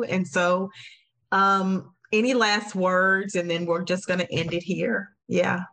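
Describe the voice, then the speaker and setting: Casting: woman podcast host, lower voice, earnest and emotional, affirming tone. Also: flat delivery, slow pace, gravelly, a bit bright. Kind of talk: heartfelt conversational podcast talk.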